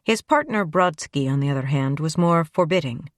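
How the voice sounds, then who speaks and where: A woman's voice: deep voice, expressive, normal speed, dry recording. A woman narrating a first-person crime audiobook in a wry, conversational manner on a close studio mic.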